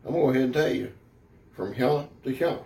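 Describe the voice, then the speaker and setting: A man's voice: medium pitch, fast, darkish tone. A man giving a rambling, folksy, brash product review, talking straight to his viewers. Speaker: knife reviewer.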